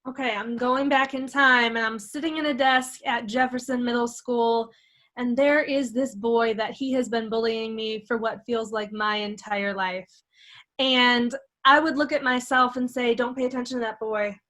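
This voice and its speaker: A woman's voice: fairly high pitch, fairly even intonation, measured pace, bright, forceful tone, low-quality recording. A woman guest talking earnestly and reflectively in a casual chat, with emphatic repetition.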